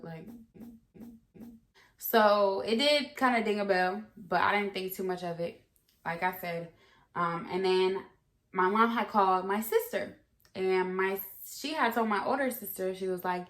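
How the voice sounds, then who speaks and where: A woman's voice: mid-range voice, expressive, unhurried, a bit bright. A young woman telling a story from her own life in a casual, candid way, swearing freely and rambling with fillers. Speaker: vlogger. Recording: echoey room.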